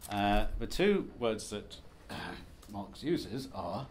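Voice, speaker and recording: A man's voice: lowish voice, expressive, slow pace, a little mellow, a little hiss or hum. A man giving a conference presentation as an academic, lecturing in a wry, self-deprecating, conversational way. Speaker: academic speaker.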